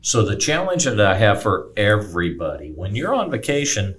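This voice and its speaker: Guy cohost with a lowish voice giving a pep talk on a podcast. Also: sing-song, moderate pace, a bit bright. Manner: earnest, encouraging. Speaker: podcast co-host. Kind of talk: motivational podcast chat.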